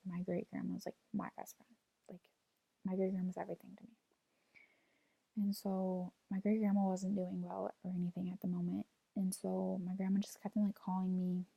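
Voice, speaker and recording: A woman's voice: mid-range voice, vocal fry, husky, no room sound, narrow, tinny audio. Young woman rambling through a painful story. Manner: rambling, fills speech with "like", retells quotes. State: near tears, holding back crying. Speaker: vlogger. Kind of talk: personal storytime vlog.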